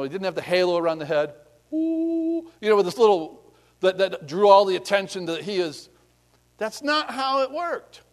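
A man preaching a sermon in a conversational way, acting out scripture scenes in different voices. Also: high-pitched. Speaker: pastor.

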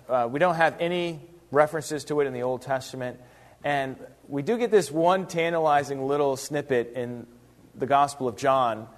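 A man teaching a Bible passage verse by verse in a casual, conversational way, lively, with rhetorical questions and little acted-out asides. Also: medium pitch.

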